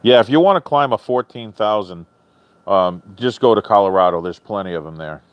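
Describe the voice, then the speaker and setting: A man hosting a live stream in casual chat, answering viewers' comments in a chatty, animated way, swearing freely and often laughing. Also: fairly low pitch, brisk, smooth, no room sound. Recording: dull lo-fi stream audio, dry.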